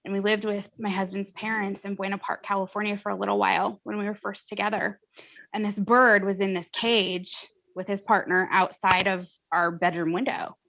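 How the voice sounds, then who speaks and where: An American woman hosting a casual conversation, an animated storyteller who mimics voices. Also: medium pitch, moderate pace, creaky, lo-fi sound.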